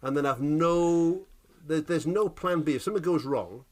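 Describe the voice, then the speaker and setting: A man co-hosting a casual chat podcast, telling animated, sweary stories and checking in with "right?" after every point. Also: fairly high pitch, normal speed, a little hiss or hum. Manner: animated storytelling, sweary, keeps asking "right?". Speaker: podcast co-host.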